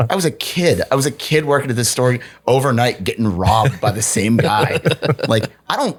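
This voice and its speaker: A man's voice: mid-range voice, lively intonation, moderate pace. A young adult man on a podcast, telling a story in casual chat, swearing and laughing as he goes. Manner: profane, laughing anecdote telling. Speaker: podcast guest.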